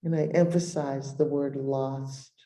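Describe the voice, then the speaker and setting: A middle-aged woman, a meditation teacher, giving a dharma talk and softly guiding a meditation with long pauses. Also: very deep voice, fairly even intonation. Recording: roomy echo.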